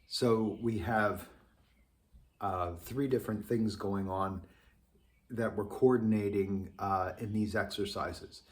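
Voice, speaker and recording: A man teaching a trombone lesson, speaking thoughtfully with many pauses and ums. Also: on the low side, steady tone. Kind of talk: instructional lesson.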